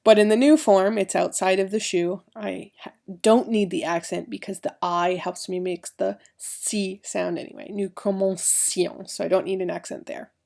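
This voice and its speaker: A woman's voice: medium pitch, steady tone, moderate pace, vocal fry, darkish tone. A woman teaching a recorded French grammar lesson, explaining each step and spelling out letters.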